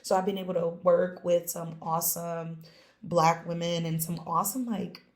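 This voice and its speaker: Young woman on a podcast, lowish voice, tells it animated, lots of laughing. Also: moderate pace. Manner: animated storyteller, acts out quoted dialogue, laughs often. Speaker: podcast guest, small business founder. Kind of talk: casual chat.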